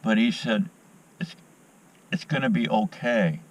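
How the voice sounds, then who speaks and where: At daybreak by a fishing spot, a male outdoors vlogger spins a meandering story in an unhurried, lowish voice. He keeps repeating himself and starting over as he goes, and he sounds somewhat far from the mic.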